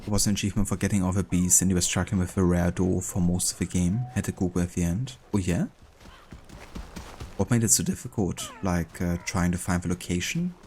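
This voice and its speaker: A man with a German accent chatting casually with viewers while he plays, relaxed and talkative. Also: deep voice, fairly quick, a little hiss or hum. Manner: relaxed and chatty, with easy laughs. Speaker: streamer. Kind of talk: casual gameplay chat with viewers.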